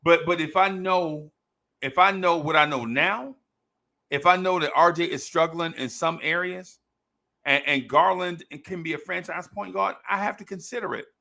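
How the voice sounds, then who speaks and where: Animated, gravelly male podcast host. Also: on the high side, normal speed. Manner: animated, repeats himself, laughs often. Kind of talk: casual sports podcast chat.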